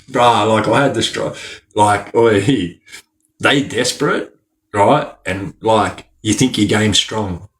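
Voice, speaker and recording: A man's voice: on the low side, takes it slowly, a bit bright. A man, telling stories as a podcast guest in a rambling, slang-filled way that is broken up by frequent laughs. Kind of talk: casual storytelling.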